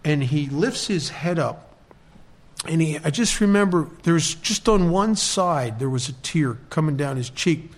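Earnest halting man telling a story. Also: on the high side, animated. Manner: earnest, halting storyteller with restarts, quoting others. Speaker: recovery speaker sharing a story. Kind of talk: personal storytelling talk.

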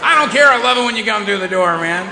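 A man voicing his eager female pet dog, thrilled and shouting with excitement, heard in an echoey hall. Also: high voice, fast, creaky, a crowd in the background, background noise, pitched above the performer's own voice. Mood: overjoyed.

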